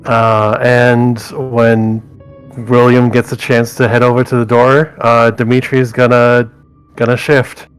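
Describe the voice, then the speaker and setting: A man's voice: mid-range voice, level tone, a little slow, smooth, faint music behind. A man playing a tabletop game, describing his character's actions with hesitant restarts. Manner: hesitant, restarts while deciding. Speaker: player.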